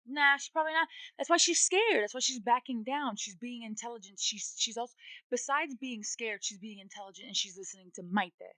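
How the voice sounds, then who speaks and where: A woman co-hosting a podcast talks in a lively, ranting way, swearing as she gets worked up. Her voice is dry and close, with no room sound. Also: on the high side, fairly quick, dry recording, low-quality recording. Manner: animated, ranting, swears freely. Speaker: podcast co-host. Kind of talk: casual chat.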